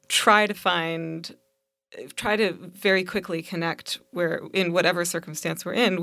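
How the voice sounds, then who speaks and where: A woman interviewing an author, asking questions in a measured, reflective way. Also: lowish voice, creaky, a bit bright, dry recording.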